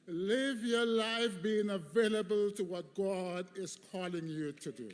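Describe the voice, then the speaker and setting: Slow, high-voiced man preaching a commencement. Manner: emphatic, with rhythmic repetition. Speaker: commencement speaker. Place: large hall at a graduation ceremony. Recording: long hall reverb.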